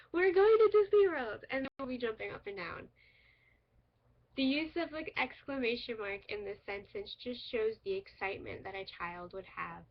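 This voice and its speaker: Young woman teaching punctuation, husky voice. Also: fairly high pitch, lo-fi sound. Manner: clear, explanatory, with light laughs. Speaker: English teacher applicant. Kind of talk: recorded teaching demo.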